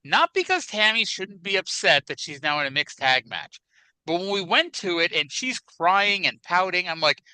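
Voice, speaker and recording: A man's voice: sits high, sing-song, moderate pace, pushed and bright, smooth, no echo, rough recording. A man co-hosting a wrestling podcast in casual chat, wry and chatty with hedging asides, on a close mic. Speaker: podcast co-host.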